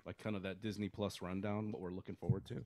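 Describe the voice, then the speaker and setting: A man co-hosting a comic book podcast, chatting casually and slipping in deadpan jokes. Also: deep voice, fast talker, no room sound. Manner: joking, laid-back banter. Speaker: podcast co-host. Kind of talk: casual chat.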